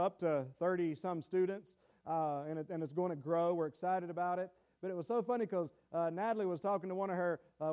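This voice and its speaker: A man preaching a sermon, in a folksy, halting way, repeating words and reading scripture slowly. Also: high voice, dark tone. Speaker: pastor.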